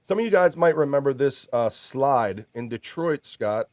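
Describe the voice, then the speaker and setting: A chatty male host runs a casual livestream, reading viewer comments aloud and joking around. His voice sits at an ordinary middle pitch with a dry, close sound. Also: lively intonation, normal speed, darkish tone, dry recording.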